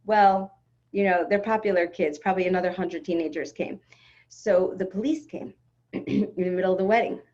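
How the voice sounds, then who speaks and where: A middle-aged woman teaching an online class, telling a personal story in a lively, dramatic way and acting out what people said. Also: mid-range voice, normal speed, lo-fi sound. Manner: animated, dramatic retelling with acted-out quotes. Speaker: spiritual teacher. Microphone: video call.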